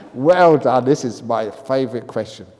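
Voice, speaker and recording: A man, a Buddhist monk teacher, answers retreat questions in a humorous talk, reading written questions aloud and chuckling often. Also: medium pitch. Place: retreat meditation hall. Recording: reverberant hall with faint noise.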